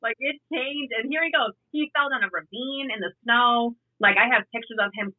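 A woman's voice: on the high side, normal speed. A woman in her thirties, a police officer, chatting casually and telling stories with easy, offhand swearing. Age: 30s. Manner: laid-back, storytelling, swears casually. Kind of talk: casual podcast chat. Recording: tinny phone line.

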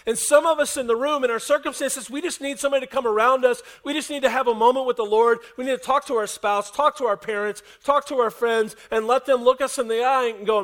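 A man preaching a sermon to his congregation in a conversational way, often dropping to a soft hush for emphasis. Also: very high-pitched, fairly even intonation, fast, few pauses. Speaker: pastor. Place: church service with a congregation.

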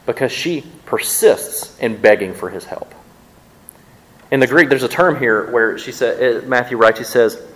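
A male pastor preaching a sermon in a church, speaking conversationally to his congregation and often repeating words quickly as he thinks aloud. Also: mid-range voice, low-quality recording.

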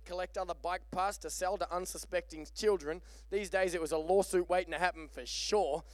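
A man preaching a lively sermon, joking and calling for amens. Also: sits high, no room sound. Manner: animated, joking, calls for amen. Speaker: pastor.

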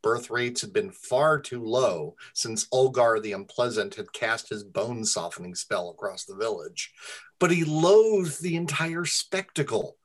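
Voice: mid-range voice, measured pace. A storyteller reading their own comic fantasy story aloud to friends, with a wry, self-deprecating delivery.

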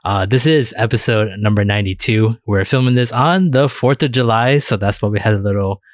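Relaxed male podcast host. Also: lowish voice, fairly quick, no echo, studio quality. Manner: relaxed, hesitant with fillers. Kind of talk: casual podcast chat.

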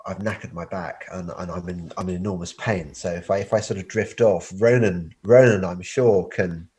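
A man's voice: low-pitched, steady tone, moderate pace, darkish tone. A man hosting a podcast, drowsy from painkillers, who rambles and stammers over his words. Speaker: podcast host. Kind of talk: casual podcast chat.

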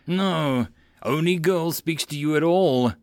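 A man's voice: fairly high pitch, slow pace, dry recording, voice pushed up. A man voicing a male soldier who teases his friend in a dry way in an audiobook. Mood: dry teasing. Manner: dry teasing.

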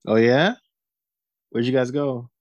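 A man's voice: medium pitch, slow, no echo, dull audio. A man co-hosting a podcast in a laid-back, casual way, mostly giving short replies. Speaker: podcast co-host. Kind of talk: casual chat.

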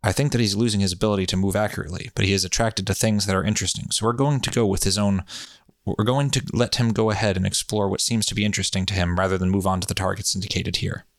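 Man reading as a calm hypnotic session monitor, low voice, slow repeated directions, dry sound. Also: no echo. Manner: slow, measured, repetitive directions.

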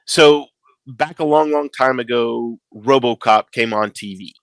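A man in his forties co-hosting a casual podcast chat, telling stories and acting out quotes with lively emphasis. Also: medium pitch, unhurried, no echo. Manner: animated storyteller, acts out quotes. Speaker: podcast co-host.

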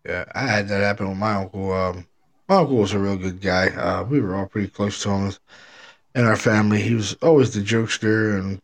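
A man's voice: fairly low pitch, a little fast. A man hosting a casual paranormal call-in show, telling rambling stories and acting out quotes between laughs. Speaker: podcast host.

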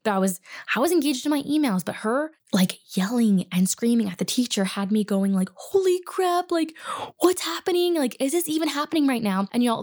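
A young woman tells a personal story to her viewers in a casual vlog. Her voice sits at a middling pitch, and she speaks chattily, with lots of "like" and animated retelling. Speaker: actress telling a story.

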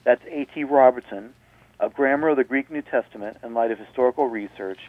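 This is radio teaching talk: a man patiently walks through grammar point by point, going over things again so listeners follow. He speaks in a mid-range voice at a fairly quick clip, captured in dry, phone-like radio audio.

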